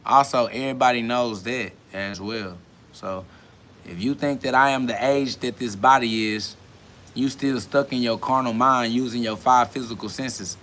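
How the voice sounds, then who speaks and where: Medium pitch, fairly even intonation, and a fairly bright tone at a moderate pace, with slight background noise. He's a podcast host in his twenties who rambles through a casual, slang-filled, profane monologue, reading the chat aloud and often saying "you feel me."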